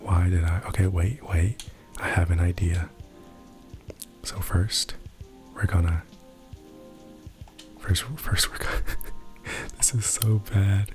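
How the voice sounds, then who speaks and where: Whispered role-play host: a soft-spoken, rambling man with a deep, dark voice over faint music. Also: steady tone, takes it slowly, long pauses. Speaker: ASMR creator.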